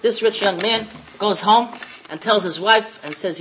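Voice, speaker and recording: Bright, animated woman lecturer. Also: medium pitch, unhurried, slight background noise, rough recording. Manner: animated storyteller, emphatic, repeats phrases. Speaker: religious lecturer. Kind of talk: Torah lecture with storytelling.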